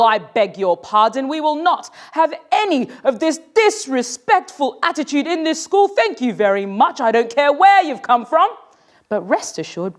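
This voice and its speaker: A woman's voice: high voice, fairly bright tone, voice pushed up, exaggerated voice. A woman playing a stern old teacher. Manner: prim, scolding.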